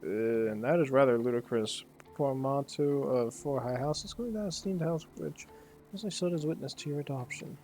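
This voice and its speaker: A haughty aristocratic nobleman, as a man puts him on while playing a game, declaiming every line with theatrical grandeur. The voice is mellow and gravelly, with faint music underneath. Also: medium pitch, brisk, close to an everyday voice. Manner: haughty, theatrical, put-on posh accent. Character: pompous aristocratic male game character.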